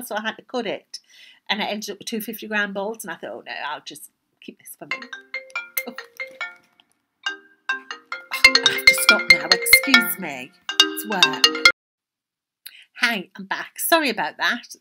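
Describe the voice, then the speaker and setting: An older woman with a Geordie accent, hosting a knitting podcast in a chatty, rambling way, often dropping into soft asides. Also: medium pitch. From North East England. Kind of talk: casual chat.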